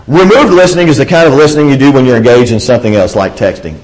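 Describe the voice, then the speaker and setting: A man's voice: mid-range voice, rapid-fire. Earnest middle-aged preacher man. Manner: earnest, swings between loud emphatic lines and hushed soft ones; addresses listeners directly with questions. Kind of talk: sermon.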